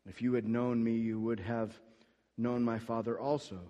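A man preaching a sermon, going from quiet scripture reading to loud, emphatic declarations, with frequent restarts. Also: mid-range voice, level tone, moderate pace, muffled recording. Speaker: pastor. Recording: long hall reverb.

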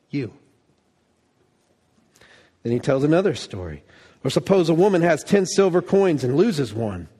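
A man preaches a sermon in a fairly high voice, animated and theatrical. He acts out quoted voices and swings from loud bursts to near-whispers. The sound carries a long reverb from a large church hall. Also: breathy edge. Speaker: pastor.

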